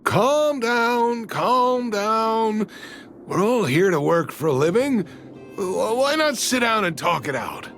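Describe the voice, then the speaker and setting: An actor voicing a gruff, stubborn middle-aged father who leads miners in a game. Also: high voice, very animated, slow pace, fairly bright tone, soft background music, exaggerated voice. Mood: placating. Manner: defensive, gruff. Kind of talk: game voice acting.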